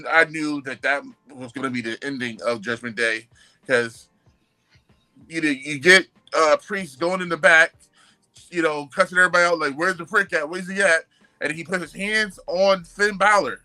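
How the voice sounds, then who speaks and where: A young man co-hosting a podcast, talking in an animated, slangy way and repeating his phrases. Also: a little high, low-quality recording. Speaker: podcast co-host. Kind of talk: casual chat.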